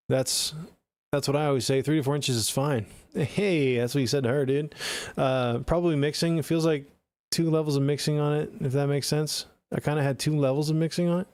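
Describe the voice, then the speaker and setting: Dude giving music feedback on stream, swears a lot, chatty, dry close mic sound. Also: male voice, mid-range voice, a little mellow, dry recording. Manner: blunt, profane, chatty coaching. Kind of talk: casual live-stream critique.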